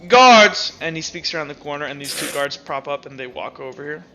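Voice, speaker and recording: A man's voice: on the high side, steady tone, fast talker, pushed and bright. A man narrating as game master of a tabletop role-play, loose and full of fillers.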